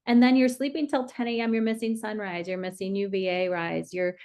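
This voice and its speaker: A woman's voice: mid-range voice, little pitch movement, brisk, darkish tone, clear, resonant tone. A woman hosting a podcast, a dietitian talking in a chatty, casual way with many fillers and easy laughs.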